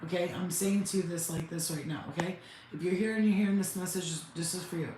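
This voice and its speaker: A woman psychic medium channeling messages in a halting, repetitive, emotional way, close to tears. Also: fairly low pitch, steady tone, warm tone. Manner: halting, repetitive, restarts words. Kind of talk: live spirit channeling session. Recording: very echoey room, faint background noise.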